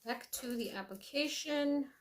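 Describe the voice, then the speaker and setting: A chatty young woman talks to her viewers from her nail table at home, thinking out loud and often correcting herself mid-sentence. Her voice sits a little high for a woman. A faint hiss of noise runs under the recording, with clicks and the crinkle of packaging. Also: measured pace. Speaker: nail vlogger. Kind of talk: casual unedited chat while doing her nails.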